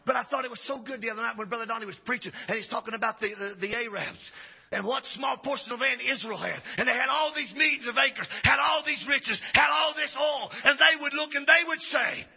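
A male preacher delivering a revival sermon, chanting upward and dropping to a hush. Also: very high voice, a little fast, vocal fry, slightly rough. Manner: chanting rises and sudden drops to a hush. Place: church sanctuary. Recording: dull lo-fi church recording.

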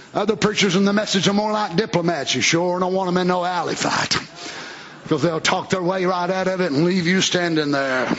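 A man preaching a fiery sermon, moving between quiet talk and shouted bursts in folksy grammar. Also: sits high, highs cut off.

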